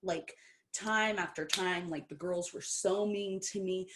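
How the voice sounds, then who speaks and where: A professional wrestler from Brazil, a woman, talks casually as a podcast guest. She is animated and acts out the dialogue in her stories. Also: lowish voice, measured pace, background noise. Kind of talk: casual storytelling interview.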